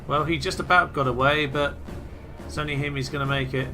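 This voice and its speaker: A man giving excitable, theatrical commentary on a strategy game he is playing, often laughing and cheering. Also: fairly high pitch, brisk, music in the background. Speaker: let's play host. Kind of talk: gameplay commentary.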